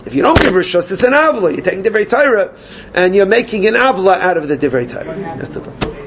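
A man teaching a Gemara class, animated and questioning his students. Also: high voice, fast talker, very noisy. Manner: animated, questioning students, mixes Yiddish and Hebrew terms. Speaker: Talmud teacher.

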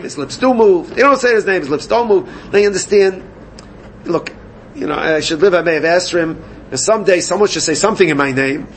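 A man teaching a Gemara class, animated and questioning his students. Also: high-pitched, slight background noise. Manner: animated, questioning students, mixes Yiddish and Hebrew terms. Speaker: Talmud teacher.

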